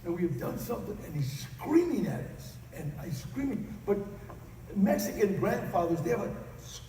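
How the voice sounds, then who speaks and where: Animated man telling stories in an echoey hall. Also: high voice, normal speed, a little hiss or hum. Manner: animated, bursts of loud acted outbursts and laughter. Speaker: conference speaker. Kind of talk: personal storytelling speech. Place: large convention hall. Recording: echoey hall recording from far off.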